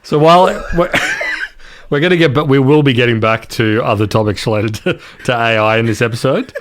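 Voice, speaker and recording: A man's voice: medium pitch, brisk. A man co-hosting a casual tech podcast who makes wry, sardonic remarks. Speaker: podcast co-host.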